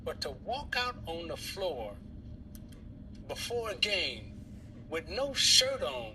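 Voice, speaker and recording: A man talks as a panel analyst, his voice sitting high and his delivery unhurried. He sounds indignant and emphatic. The broadcast clip carries a clear bed of noise. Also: big pitch swings, bright, forceful tone, poor audio. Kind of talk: heated studio panel commentary.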